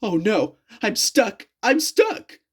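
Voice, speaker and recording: A woman voicing a grumpy young male tank engine from a children's storybook, with a whiny, high-strung manner. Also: big pitch swings, takes it slowly, breathy edge, exaggerated voice. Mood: terrified.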